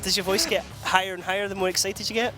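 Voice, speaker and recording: Scottish man, esports co-caster, rapid and eager talker, raised voice, clear music behind. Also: high voice, fairly even intonation, bright, forceful tone, low-quality recording. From Scotland. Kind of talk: casual chat between matches.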